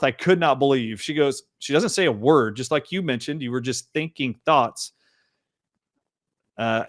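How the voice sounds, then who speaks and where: Animated middle-aged man telling a story. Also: a little high, no echo, clean studio sound. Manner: animated, emphatic storytelling with quoted dialogue. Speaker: show host. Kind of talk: storytelling in a casual interview.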